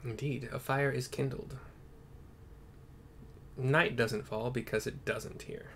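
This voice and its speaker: A man's voice: mid-range voice, fairly even intonation, slow pace, creaky, fairly bright tone, slight background noise. A man giving casual, irreverent commentary while narrating his playthrough of a game, with swearing asides.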